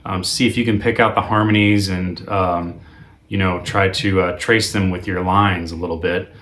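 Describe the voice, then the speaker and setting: A man teaching a guitar lesson in a relaxed, conversational way, with frequent ums and uhs. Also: low-pitched, moderate pace. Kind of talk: video lesson.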